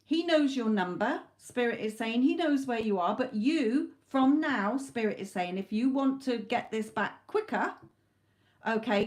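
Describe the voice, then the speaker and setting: A woman's voice: on the high side, darkish tone. A woman doing a live tarot reading, talking in a loose, conversational way with frequent restarts. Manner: talks in loose spoken chunks, restarts often. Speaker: tarot reader.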